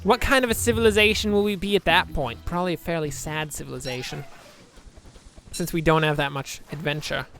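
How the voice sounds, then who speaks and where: A man's voice: a little high, steady tone, brisk, fairly bright tone, soft background music. A man giving rambling, joking let's-play commentary, chatting to viewers with self-deprecating asides. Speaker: gameplay commentator.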